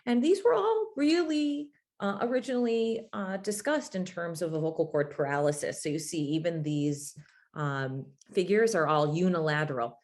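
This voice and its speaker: A woman's voice: fairly low pitch, lively intonation, moderate pace, a little mellow. A woman laryngologist giving a medical grand rounds lecture, explaining things step by step with frequent fillers.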